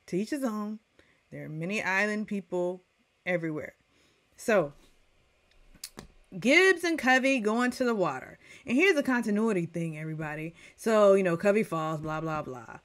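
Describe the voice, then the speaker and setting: A middle-aged woman reviewing a TV episode in a casual rant, chatty and animated as she talks straight to her viewers. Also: medium pitch, normal speed. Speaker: TV recap reviewer.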